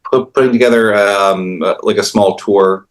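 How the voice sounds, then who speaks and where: A comic book artist with a fairly low-pitched man's voice, speaking in an easygoing interview. He tells his stories in a halting, rambling way, full of fillers and restarts. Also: steady tone. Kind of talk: casual interview chat.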